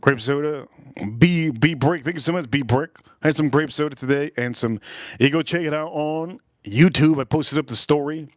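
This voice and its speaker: A man's voice: fairly high pitch, moderate pace, no room sound, clean studio sound. A man hosting a live stream, telling rambling stories in loose, slangy casual chat. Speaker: livestream host, whiskey reviewer.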